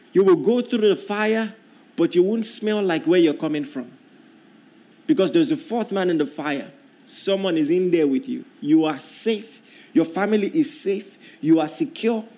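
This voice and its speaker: A man preaching a sermon as pastor, reading scripture and repeating key lines, climbing into drawn-out emphatic passages. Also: fairly high pitch, dark tone.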